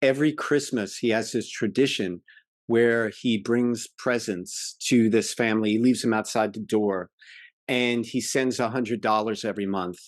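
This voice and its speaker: A man co-hosting a podcast, chatting casually about classic television and retelling episodes with animated enthusiasm. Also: on the low side, normal speed, no echo, clean studio sound. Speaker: podcast co-host.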